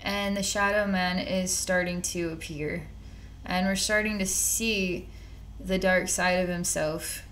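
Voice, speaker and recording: A woman's voice: fairly low pitch, fairly even intonation, takes it slowly, a bit bright, slight background noise. A woman talks through a psychic reading off the cuff. She rambles, circles back with repeated words, and drops casual slang as she goes. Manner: rambling and repetitive, conversational, with slang. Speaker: psychic reader.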